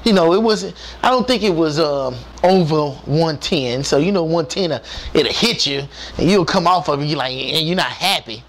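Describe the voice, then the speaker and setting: Animated man telling salty sea stories. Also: a little high, normal speed. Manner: animated, profane, colloquial, addresses viewers directly. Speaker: former Navy submarine technician telling sea stories. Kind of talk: casual storytelling.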